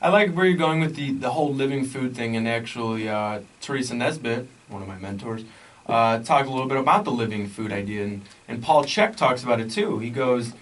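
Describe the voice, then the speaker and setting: A man's voice: mid-range voice, animated, brisk, fairly bright tone, recorded from a distance, low-quality recording. Earnest man hosting a podcast, off-mic. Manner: earnest, preachy health talk. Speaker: podcast host. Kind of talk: casual podcast chat.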